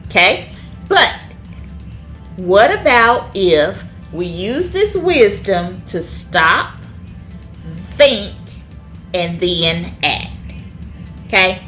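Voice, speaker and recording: A woman teaching a children's church lesson in an animated way, often checking in with the kids by asking "okay?". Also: medium pitch, very slow, pauses often, faint music behind.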